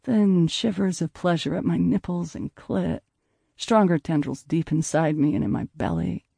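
A man reading a first-person audiobook in a soft, intimate way, at times dropping to a breathy hush. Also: a little high, normal speed, dry recording. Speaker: audiobook narrator.

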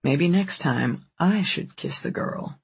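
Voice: mid-range voice, lively intonation, slow pace, gravelly, slightly rough, no echo, full character voice. An audiobook reader voicing a laconic young cowboy who trains horses, speaking in a wry drawl. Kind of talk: audiobook character voice.

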